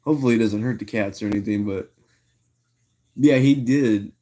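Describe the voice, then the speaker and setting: A man's voice: lowish voice, moderate pace, dark tone. Laid-back slangy man livestreaming. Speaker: live streamer. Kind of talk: casual livestream chat.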